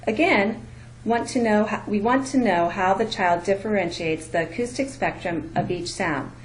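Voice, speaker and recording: A woman's voice: medium pitch, moderate pace, a little hiss or hum, low-quality recording. A woman instructor giving a careful, explanatory lecture narration.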